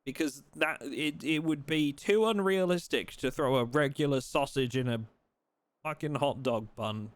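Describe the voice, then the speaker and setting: A man live-streams a video game, chatting casually with viewers and playfully complaining in mock outrage, and speaks softly to his dog. His voice is medium-pitched and steady, at a moderate pace, in a dry recording.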